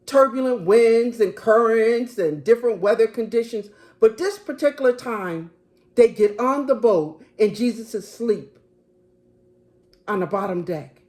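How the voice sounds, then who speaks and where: A woman preacher giving a sermon, emphatic and restating her phrases. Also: a little high.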